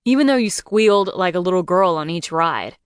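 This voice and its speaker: A woman reading as a teasing young lover in an audiobook, his lines murmured low and playful. The voice is smooth and clear, recorded close and dry with no room around it. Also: expressive, fairly quick, no echo, close to an everyday voice. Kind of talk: audiobook dialogue.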